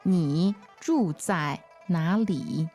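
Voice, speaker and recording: Slow, patient woman teaching a language. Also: lowish voice, dark tone, faint music behind. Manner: slow, patient, repeats phrases. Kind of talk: language lesson.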